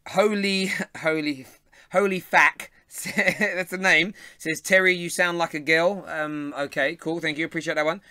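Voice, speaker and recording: A chatty young London man hosts a live fan show, laughing as he reads viewers' comments. His voice is bright and a little high, recorded close and dry. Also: fairly even intonation, moderate pace, few pauses, smooth, no room sound. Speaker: host.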